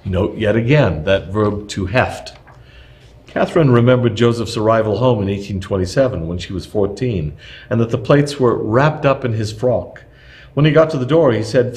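Low-voiced man reading history aloud. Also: lively intonation, normal speed, darkish tone. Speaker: narrator.

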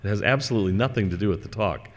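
A man giving a religious lecture, reading scripture and telling stories in a relaxed, digressive way with fillers. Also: on the low side, very fast, slight background noise. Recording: long hall reverb.

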